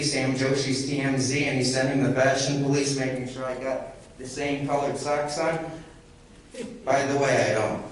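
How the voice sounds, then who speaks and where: A man speaking through a medical mask at public comment in a council meeting, agitated and argumentative, repeating himself. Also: mid-range voice. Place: large council chamber. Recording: echoey council chamber, distant mic, faint hiss.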